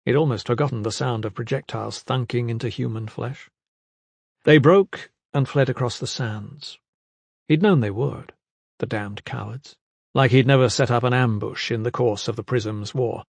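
A man giving a measured, dramatic scripted narration of a fantasy audiobook, mid pitch, recorded dry and close. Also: gravelly, husky, no room sound.

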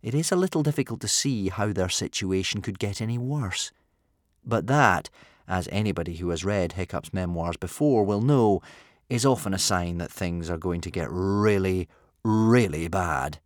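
A man narrating a children's adventure story with an expressive reading. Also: low-pitched, normal speed, no echo, studio quality. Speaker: audiobook narrator.

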